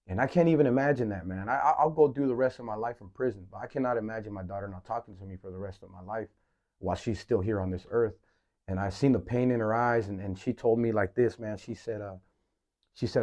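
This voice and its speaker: A man hosting a podcast, speaking candidly in a halting personal monologue, often repeating words and saying "man". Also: lowish voice, mellow, highs cut off. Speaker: podcast host.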